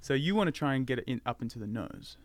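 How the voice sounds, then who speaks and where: A man's voice: medium pitch, lively intonation, fast talker, dry recording, clean studio sound. A man with an Australian accent, chatting as a guest on a podcast and dropping into playful impressions. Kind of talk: casual podcast conversation.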